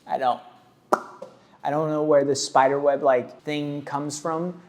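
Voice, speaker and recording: A man's voice: a little high, fairly even intonation, a little slow. A man who works as a tattoo artist, giving casual reaction commentary in a blunt, rambling way, full of "like" and "dude".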